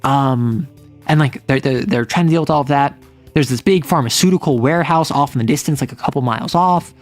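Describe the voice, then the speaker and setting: A man's voice: medium pitch, brisk, faint music behind. Chatty man recapping his tabletop game. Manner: rambling, full of "like" and restarts. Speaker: game master. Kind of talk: casual chat recapping a tabletop campaign.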